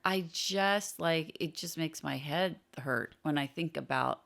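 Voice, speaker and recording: A woman's voice: low voice, a little slow, gravelly, a bit bright. A woman hosting a podcast interview, responding with short affirmations and reflections. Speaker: podcast host. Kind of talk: conversational interview.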